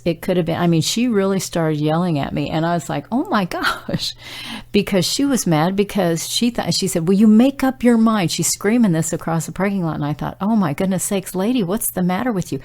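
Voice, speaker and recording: Gravelly-voiced woman giving a devotional message. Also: medium pitch, brisk, few pauses, a little mellow. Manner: conversational, earnest storytelling with fillers. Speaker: Christian prophetic speaker.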